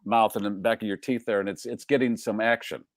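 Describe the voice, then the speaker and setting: A man's voice: lowish voice, steady tone, a little fast, dry recording, studio quality. A man hosting a casual live show, joking around and reading out listener check-ins. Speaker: host.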